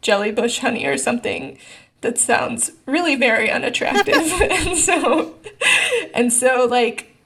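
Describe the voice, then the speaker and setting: A woman wanders through a story for her book club, pausing to search for words and laughing as she goes. Her voice sits slightly high. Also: expressive, fairly bright tone, breathy edge. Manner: rambling storyteller, laughs often. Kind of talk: casual book discussion.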